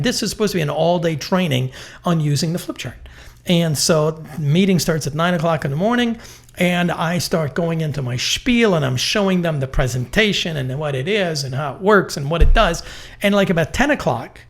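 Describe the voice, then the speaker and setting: A man's voice: on the high side, fairly quick. A middle-aged man, a real estate network executive, telling stories bluntly and emphatically in a business interview. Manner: emphatic, blunt, lively storytelling.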